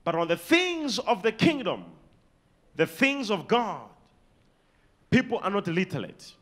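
Malawian guy preaching hard, high voice jumping all over, slows way down on the bible verses. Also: very animated. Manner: emphatic, dramatic swings in loudness and pitch, reads scripture slowly; directs congregation to repeat and underline words. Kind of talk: sermon.

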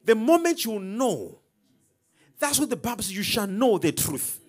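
Lively high-voiced male preacher. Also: unhurried, husky. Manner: emphatic, preacherly call-and-response, dramatic swings in loudness. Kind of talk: sermon.

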